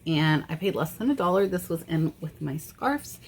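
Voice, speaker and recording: Woman, low voice, casual vlogger, frank and a bit exasperated. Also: expressive, moderate pace, slight background noise. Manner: chatty, frank, easily exasperated. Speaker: eBay reseller. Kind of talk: casual vlog chat.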